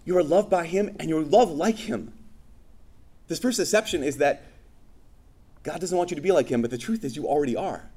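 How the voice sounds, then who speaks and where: A man preaching a sermon, telling stories and acting out quoted voices with animated energy. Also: on the high side, normal speed, pauses often, breathy edge.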